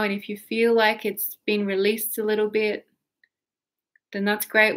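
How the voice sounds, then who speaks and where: A woman guiding a tapping session, speaking slow soothing affirmations and acting out frustration for listeners to repeat. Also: medium pitch. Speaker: tapping coach.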